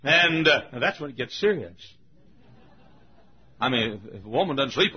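Animated husky preacher, older man. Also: medium pitch, moderate pace. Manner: animated, acts out voices, shouts at peaks. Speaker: pastor. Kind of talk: sermon storytelling. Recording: muffled lo-fi recording.

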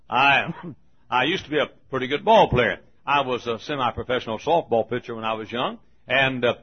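This is a folksy sermon by an older man who tells stories, often chuckling and starting over. He has a medium-pitched, slightly rough voice. The recording sounds dull and lo-fi.

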